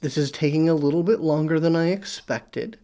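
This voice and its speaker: A game master voicing a calm, scheming long-lived husband. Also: mid-range voice, normal speed, natural voice. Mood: condescending. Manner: calm, condescending reassurance. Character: patient, scheming long-lived male gambler.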